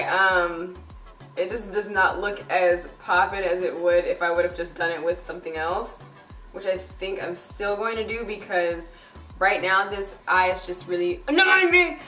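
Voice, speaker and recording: A woman's voice: mid-range voice, a bit bright, far from the mic. A young woman talking casually through a makeup tutorial, chatty and bubbly, with lots of fillers. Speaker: beauty vlogger. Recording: roomy echo, a bit off-mic. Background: faint background music.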